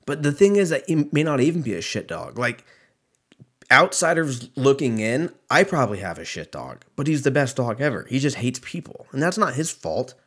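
A young man rambling through a solo podcast monologue, swearing freely and poking fun at himself. His voice sits at an ordinary middle pitch and he drifts from thought to thought. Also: big pitch swings, moderate pace, a bit bright, breathy edge. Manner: profane, rambling, self-mocking. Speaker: podcast host. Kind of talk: casual solo podcast rant.

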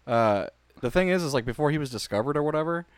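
A young man with a mid-pitched, lively voice, restarting and repeating himself in casual podcast chat. The sound is dry and close. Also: fast talker, clean tone, dry recording.

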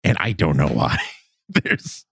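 Deep-voiced playful man, lively. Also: takes it slowly, gravelly, husky, no room sound. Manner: playful, jokey, animated storyteller. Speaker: podcast co-host. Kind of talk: casual chat.

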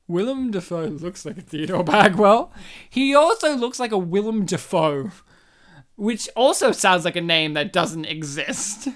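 A podcast co-host chatting casually with a friend. The voice is smooth and clear. The talk is full of jokes, teasing jabs and swearing. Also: mid-range voice, lively intonation, unhurried, a bit bright. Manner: joking, profane, teasing. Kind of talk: casual chat.

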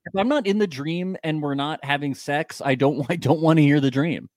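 A man's voice: fairly high pitch, a little fast, darkish tone, no echo, clean studio sound. A man co-hosting a casual recap chat, joking, acting out quotes and tripping over his words. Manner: joking, acts out quotes, stammers and restarts. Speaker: podcast co-host.

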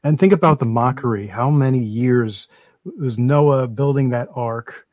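A man in a casual religious discussion, animated and talking straight to the viewers. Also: medium pitch, a little slow, dry recording, highs cut off. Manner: animated, addresses viewers as folks.

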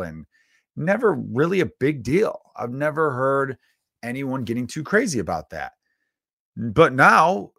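A man's voice: medium pitch, a bit bright, no echo, clean studio sound. A comedian in his thirties from Chicago hosting his podcast, ranting in a profane, exasperated way and mocking people in sarcastic voices. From Chicago, United States.

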